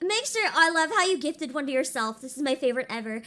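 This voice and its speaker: A woman streamer chatting casually on a livestream, bubbly and sing-song as she reads out names, her voice rough because she is sick. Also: sits high, very animated, quick pace, noisy background. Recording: faint background music.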